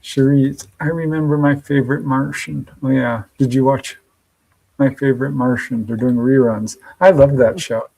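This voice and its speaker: A man's voice: mid-range voice, steady tone, normal speed, creaky, darkish tone, rough recording. A man hosting a live podcast stream, upbeat and chatty, greeting viewers by name and laughing often. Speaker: podcast host. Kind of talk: casual livestream chat.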